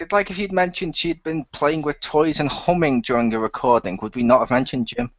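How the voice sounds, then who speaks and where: A man in a casual podcast chat, making teasing, deadpan jabs at the others. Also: a little high, a little fast, dry recording, highs cut off. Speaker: podcast co-host.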